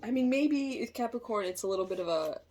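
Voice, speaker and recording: A woman giving a casual tarot reading, chatty and thinking aloud, quick to laugh. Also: on the high side, expressive, darkish tone, slight background noise. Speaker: tarot reader.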